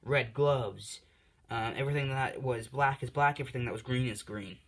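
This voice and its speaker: A man's voice: mid-range voice, normal speed. Male host, casual improvised storytelling, rambling, self-deprecating, heavy on fillers. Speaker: channel host telling a fan story.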